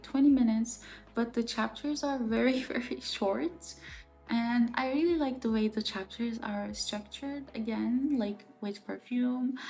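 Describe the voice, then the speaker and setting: A woman's voice: fairly high pitch, dark tone. A woman chatting enthusiastically about a book in a casual vlog, full of fillers. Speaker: book vlogger. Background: faint music.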